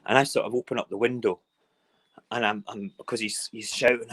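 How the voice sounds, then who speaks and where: A man with a mid-range voice runs a relaxed morning live stream. He chats and rambles on, breaking off to greet viewers and narrate what he is doing as he cooks. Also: medium pitch, quick pace, husky. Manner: chatty, rambling, talks to viewers while cooking. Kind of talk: casual live-stream chat.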